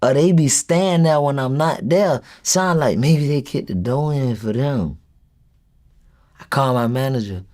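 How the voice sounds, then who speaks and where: A young rapper being interviewed speaks a little slowly in a mid-range voice. He casually retells a story with animation, acting out what each person said.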